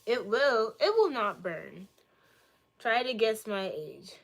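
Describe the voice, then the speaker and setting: A woman's voice: fairly high pitch, very animated, slow, gravelly. Young woman streamer from Boston, casual chat, cheeky and crude jokes, playful teasing delivery. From Boston, United States. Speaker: livestreamer answering chat.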